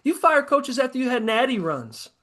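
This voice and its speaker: A man with a high, light voice holds forth in loose podcast chat. He swears freely, rants with gusto and slips into mocking put-on quotes to make his points. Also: moderate pace. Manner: profane, animated ranting with mocking quoted asides. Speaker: podcast co-host. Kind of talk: casual sports chat.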